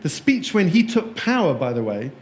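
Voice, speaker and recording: Man, conference keynote, playful and jokey, quizzes the crowd, somewhat high voice, echoey room. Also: sing-song, moderate pace, darkish tone. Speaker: keynote speaker. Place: conference room before a live audience.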